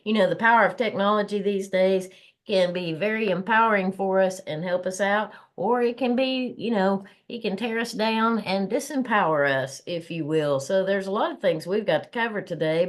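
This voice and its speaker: A woman's voice: mid-range voice, lively intonation, moderate pace. A woman with a Southern accent co-hosting a motivational podcast, chatting in a folksy way and laughing often. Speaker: podcast co-host. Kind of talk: casual chat.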